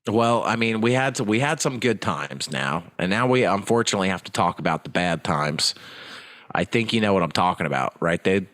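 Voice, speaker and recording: A man's voice: low voice, animated, fairly quick, a bit bright, dry recording, studio quality. A young man co-hosting a podcast, joking crudely in casual chat. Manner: crude, joking, slips into silly put-on voices. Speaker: podcast co-host.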